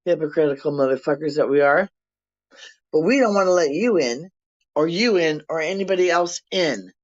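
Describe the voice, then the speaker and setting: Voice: medium pitch, lively intonation, normal speed. Blunt profane older vlogger ranting. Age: 60s. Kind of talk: profane rant to camera. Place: apartment. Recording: dull lo-fi sound.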